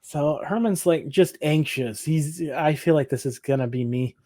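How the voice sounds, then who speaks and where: A man's voice: fairly high pitch, warm tone, dry recording. Chatty man acting out a recap. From Michigan. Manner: laughs often, acts out characters' lines in quick voices. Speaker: podcast co-host. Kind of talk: casual episode recap chat.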